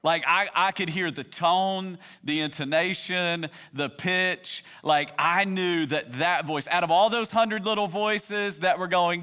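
Male pastor, 30s, sermon delivery; slightly high, resonant voice, casual then impassioned. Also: unhurried, sharp tone, clean tone. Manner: conversational, builds to passionate emphasis.

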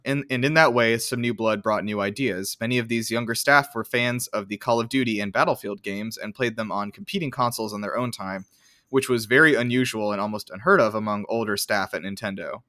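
A man's voice: mid-range voice, a bit bright, dry recording, studio quality. A man co-hosting a casual podcast chat, rambling with lots of fillers and casual swearing. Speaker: podcast co-host.

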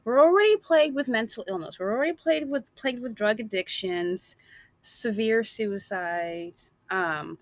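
A woman's voice: a little high, expressive, normal speed, dry recording. A woman delivering a blunt, emphatic opinion monologue.

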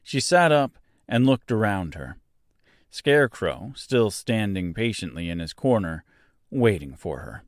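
A man narrating a children's storybook aloud as a podcast host, in a slow, expressive storytelling manner. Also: fairly low pitch, dry recording, studio quality.

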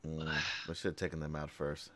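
A man's voice: extremely low pitch, flat delivery, a little fast, no room sound. A man playing a tabletop game, talking bluntly and casually. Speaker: player.

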